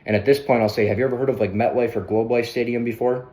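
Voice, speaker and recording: A man coaching others through a sales pitch in a brisk, conversational way, often tagging on "right?". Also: steady tone, warm tone. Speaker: sales trainer.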